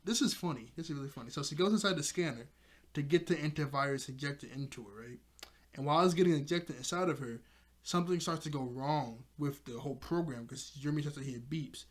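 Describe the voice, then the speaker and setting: Excitable man recapping an episode. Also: on the high side, quick pace. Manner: chuckles often while retelling, excitable. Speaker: episode reviewer.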